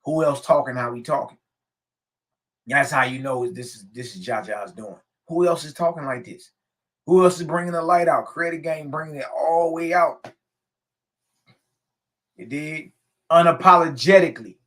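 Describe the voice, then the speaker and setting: A man's voice: a little high, unhurried, pauses often, fairly bright tone. A man reading a spiritual text aloud and preaching on it emphatically, repeating phrases and adding slangy asides. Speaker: spiritual teacher.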